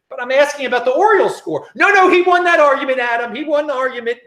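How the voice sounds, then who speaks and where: Animated, chatty middle-aged American man. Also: extremely high pitch, fast talker, hardly any pauses. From United States. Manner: animated, chatty, laughs often, many restarts. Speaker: crypto livestream host. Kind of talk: casual livestream chat reading viewer comments.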